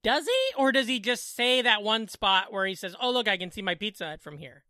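A man co-hosting a comedy podcast from his living room, tossing out sarcastic, profane jokes. His bright voice swings widely in pitch, and the sound is dry and close. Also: very animated, fairly quick, no echo. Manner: joking, profane, sarcastic asides. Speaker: podcast co-host. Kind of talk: casual comedic chat.

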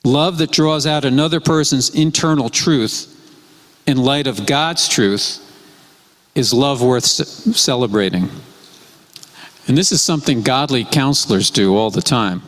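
Slow-speaking male preacher in a reverberant hall. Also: mid-range voice, a bit bright. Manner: measured, repeating key phrases. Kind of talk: sermon.

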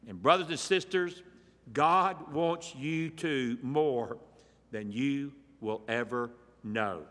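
A man's voice: medium pitch, slow, fairly bright tone, in a large hall. A male pastor preaching a sermon, teaching verse by verse with emphatic points and rhetorical questions.

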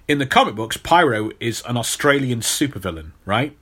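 A man's voice: mid-range voice, lively intonation, moderate pace, fairly bright tone. A man hosting a podcast, telling a long story in casual chat and often restarting his sentences. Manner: storytelling, repeats words when restarting. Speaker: podcast host.

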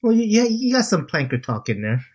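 A man's voice: high-pitched, brisk, breathy edge. A man co-hosting a hobby podcast in casual chat, laughing often and joking around. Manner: laughs often, animated banter. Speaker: podcast co-host.

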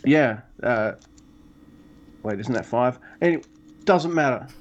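A man co-hosting a podcast in casual chat, excitable and rambling, cursing often. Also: medium pitch, a little slow, dull audio. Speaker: podcast co-host.

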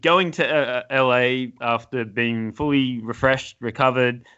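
A man's voice: mid-range voice, steady tone, a little slow, bright, forceful tone, clean tone, dull audio. A man hosting a podcast, chatty and agreeable, interviewing his guest. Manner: chatty, agreeable, lots of "yes". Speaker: podcast host. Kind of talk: casual interview chat.

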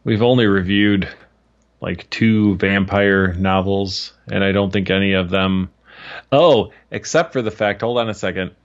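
A man's voice: deep voice, a little slow, lo-fi sound. A man co-hosting a podcast, guessing answers in casual chat with a self-deprecating, hesitant manner. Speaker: podcast co-host.

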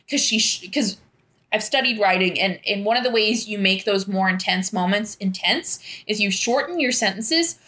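A woman's voice: mid-range voice, pushed and bright. A young woman co-hosting a casual book discussion podcast, rambling animatedly with frequent groans and sighs. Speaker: book club podcast co-host.

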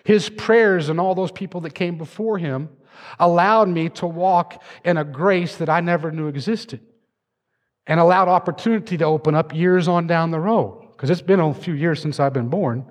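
A man's voice: on the high side, normal speed. A man preaching a sermon from a church stage, telling a story with dramatic flair. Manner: dramatic storytelling, acting out voices. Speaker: pastor. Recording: long hall reverb.

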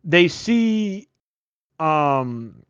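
A man's voice: fairly high pitch, very animated, drawn-out words, a bit bright, clear, resonant tone, no echo, lo-fi sound. Rambling man recapping a movie. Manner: rambling, filler-heavy retelling with frequent "like"; swears casually. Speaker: podcast host.

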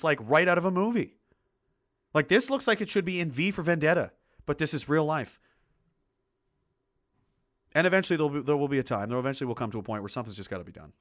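A middle-aged man hosting a casual livestream, reading out viewer comments and ranting in a blunt, profane way. His voice is bright and forceful. He rambles, stumbles over restarts, and breaks into heated outbursts. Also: on the high side.

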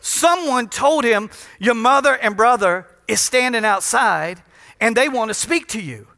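A man's voice: very high voice, animated, measured pace, pushed and bright. A middle-aged man from Louisiana preaching a sermon as pastor, joking and teasing the congregation between emphatic points. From Louisiana, USA. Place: large church in front of a congregation. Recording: reverberant church hall.

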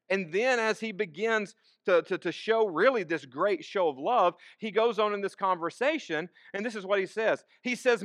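A man's voice: sits high, fairly bright tone, dry recording, clean studio sound. A man preaching a sermon, asking the congregation questions and repeating key phrases. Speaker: pastor.

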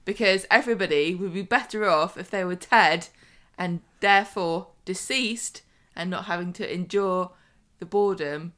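A woman's voice: on the low side, normal speed, a bit bright. A woman co-hosting a podcast in casual chat, with a dry, teasing manner. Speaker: podcast co-host.

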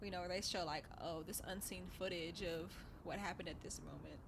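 A woman's voice: lowish voice, brisk, noisy background. A woman co-hosting a casual podcast chat, recapping a reality show with wry asides and mock quotes. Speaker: podcast co-host.

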